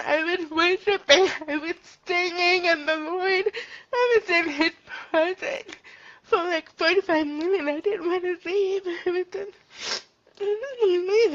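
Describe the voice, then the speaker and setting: A woman in her thirties giving a personal faith testimony, crying and talking in an earnest, halting way. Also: very high-pitched. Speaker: vlogger sharing testimony. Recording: dull lo-fi recording.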